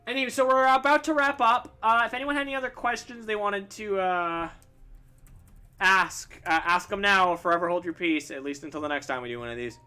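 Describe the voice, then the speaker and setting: A man's voice: sits high, brisk, pushed and bright, smooth, soft background music. A young man, a streaming artist, chatting casually and rambling while he draws. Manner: chatty, rambling, self-interrupting.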